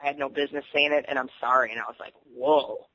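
A woman guest in a candid interview, telling stories in an animated way and laughing often. The sound is muffled, like radio audio. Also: rumbling low, fast talker, slight background noise.

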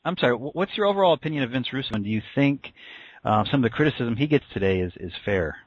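तेज़ बोलने वाला पुरुष इंटरव्यूअर. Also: male voice, medium pitch, expressive, quick pace, husky, dry recording. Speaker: interviewer. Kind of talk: interview questions. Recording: dry, muffled radio audio.

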